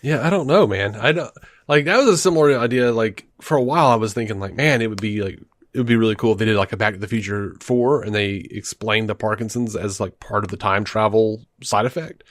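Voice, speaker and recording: A man's voice: lowish voice, fairly quick, no room sound. A man co-hosting a podcast in casual chat, enthusiastic and rambling, laughing often. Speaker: podcast co-host.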